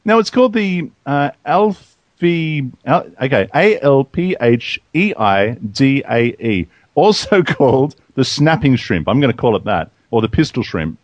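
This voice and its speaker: A man's voice: medium pitch, very animated, measured pace, no room sound, lo-fi sound. An Australian man hosting a podcast in casual chat, upbeat and jokey. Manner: upbeat, jokey, laughs easily. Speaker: podcast host.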